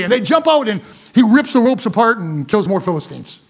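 Emphatic, folksy preacher, a man with a high voice, sermon delivery. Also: big pitch swings, normal speed, long pauses.

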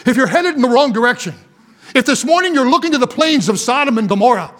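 A man's voice: very high-pitched, animated, quick pace, fairly bright tone. A male preacher giving a sermon, emphatic and folksy, repeating lines for emphasis.

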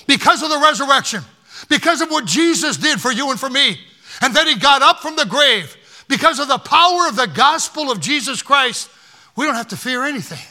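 An older male pastor preaches with fervor, his voice high and strikingly bright. He shifts between loud exhortation and hushed, personal storytelling as he quotes scripture. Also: big pitch swings, a little fast. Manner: impassioned preaching, quoting scripture. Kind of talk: sermon.

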